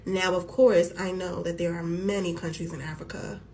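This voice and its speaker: A woman's voice: fairly low pitch, steady tone, moderate pace, a little mellow. A woman from the United States rants to camera. She sounds emphatic and exasperated. A faint hum sits behind her voice. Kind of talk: vlog rant to camera.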